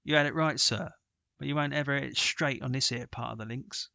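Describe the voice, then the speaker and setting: A man's voice: mid-range voice, a little fast, vocal fry, bright, forceful tone, no echo. A man voicing a ragged working-class boy caddie who speaks in a deferential, uneasy way. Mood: earnest. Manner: deferential, uneasy, dialect speech.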